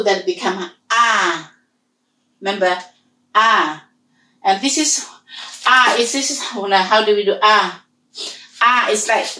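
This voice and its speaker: A woman's voice: mid-range voice, sharp tone. A woman whose first language is Hmong, teaching a language lesson and patiently repeating and drilling each sound. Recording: roomy echo.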